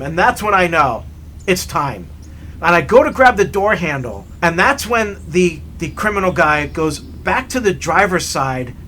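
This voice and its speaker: A man telling a story in a chatty, animated way while hiking outdoors, recorded on a camera mic. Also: high voice, a little hiss or hum. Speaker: hiking vlogger. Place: outdoors on a trail.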